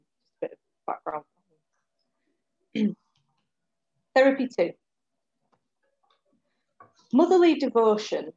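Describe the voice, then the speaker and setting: A woman poet reads her short pieces in a soft, measured voice at a middle pitch. Between poems she chats easily with the host. The audio is a little dull and lo-fi. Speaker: poet, guest. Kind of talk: poetry reading and casual chat.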